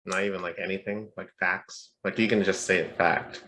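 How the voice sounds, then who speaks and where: A man's voice: low-pitched, flat delivery, moderate pace, pushed and bright. A young man co-hosting a podcast in casual chat, joking and profane, rambling from one point to the next. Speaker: podcast co-host.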